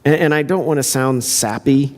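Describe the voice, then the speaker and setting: A man's voice: mid-range voice, normal speed, darkish tone, long reverb tail. A man pastor preaching a sermon in an earnest, conversational way. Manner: conversational, earnest, self-interrupting.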